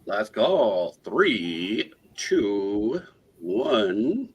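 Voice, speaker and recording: A man hosting a live coin auction stream, calling bids in a brisk auctioneer patter. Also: low voice, expressive, a bit bright. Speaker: auctioneer host.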